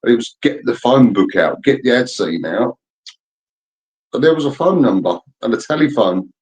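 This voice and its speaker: A man's voice: mid-range voice, normal speed, poor audio. A man, telling old stories in a casual chat and acting out the voices in them. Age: 50s. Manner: animated, acts out voices in anecdotes.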